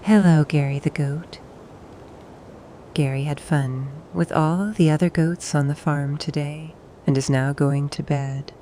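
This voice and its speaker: A woman with a low, mellow voice tells a gentle bedtime story for toddlers at an unhurried pace. She speaks softly and soothingly, pausing now and then for the little listener to reply. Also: steady tone, a little hiss or hum. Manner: soft and soothing, pausing for the child to answer.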